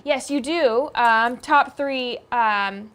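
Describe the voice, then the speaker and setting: A woman with a voice a little higher than most, hosting a gaming stream. She is friendly and agreeable, chiming in often and sometimes searching for her words. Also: slow pace, a bit bright, clean tone. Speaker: stream host. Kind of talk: casual stream chat.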